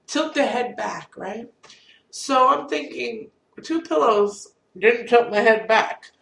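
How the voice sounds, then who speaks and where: A middle-aged woman with a cold tells a rambling, self-deprecating story straight to camera. Her voice carries a gravelly fry. She sits well back from the mic in a roomy, echoing space. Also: a little high, lively intonation, slow pace, a bit bright. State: has a cold. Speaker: vlogger. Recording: roomy echo, distant from mic.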